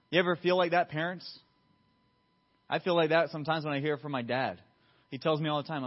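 A man preaching a sermon in church, swinging between loud emphatic lines and quiet low asides. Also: steady tone, fast, dull audio. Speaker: pastor. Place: church sanctuary.

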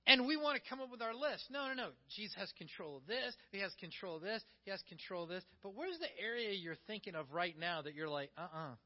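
A man preaching a sermon in an animated way, acting out quoted voices and swinging between soft and loud delivery. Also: high-pitched, a little fast, few pauses, lo-fi sound.

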